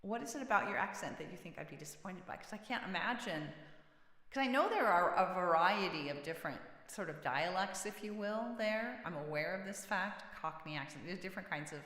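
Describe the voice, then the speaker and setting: A woman's voice: on the low side, lively intonation, a little fast, fairly bright tone. A woman hosting a casual music livestream, chatting with viewers, reading their comments aloud and laughing often. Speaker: singer-songwriter livestream host. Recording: roomy with long reverb.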